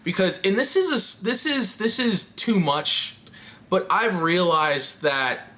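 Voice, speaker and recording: A woman's voice: fairly low pitch, a little slow, a bit bright. A trans woman vlogging to camera in a candid, rambling chat, laughing often and swearing casually.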